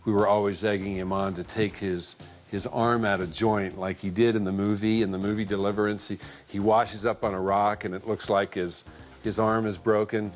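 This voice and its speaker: A man from a film's cast or crew reminiscing in an interview, relaxed and conversational. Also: fairly low pitch, normal speed, soft background music. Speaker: film cast or crew member. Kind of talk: anecdotal interview.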